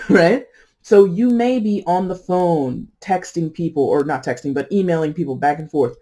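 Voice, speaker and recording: A tarot reader talks through a reading in a loose, chatty ramble. They laugh often and stop to correct themselves. The tone is mellow and soft. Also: medium pitch, moderate pace. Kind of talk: casual tarot reading monologue.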